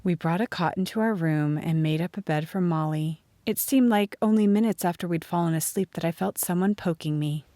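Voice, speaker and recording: A woman narrating a first-person storybook audiobook in an expressive reading. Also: fairly low pitch, a little fast, few pauses, dry recording.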